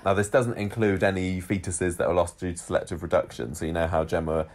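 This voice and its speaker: A man's voice: deep voice, level tone, fast talker. A man co-hosting a podcast, chatting casually and reading out statistics with frequent restarts. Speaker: podcast co-host. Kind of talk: casual chat.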